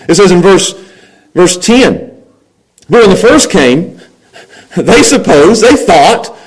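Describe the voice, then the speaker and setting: A man's voice: sits high, poor audio. A middle-aged man preaching a sermon, acting out people's complaints in grumbling voices and chuckling as he goes.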